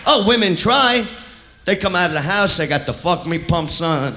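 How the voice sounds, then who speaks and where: Crude loud comic guy, voice jumps all over, noisy room full of laughing people. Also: high voice, animated, moderate pace. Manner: crude, brash, shouting punchlines. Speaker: stand-up comedian. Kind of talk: stand-up comedy. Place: live comedy club. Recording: echoey club with loud crowd. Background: audience laughter and noise.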